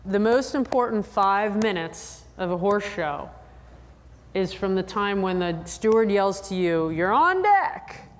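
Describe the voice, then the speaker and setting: A woman giving a conference lecture to riders, lively and often checking in with the audience. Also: mid-range voice, unhurried, big-room sound. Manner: acts out riders' and trainers' voices. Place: convention lecture hall.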